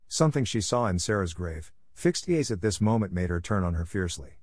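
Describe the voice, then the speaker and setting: A man narrating a classic novel as an audiobook in a steady, even telling. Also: low voice, fairly quick, hardly any pauses, no room sound, clean studio sound.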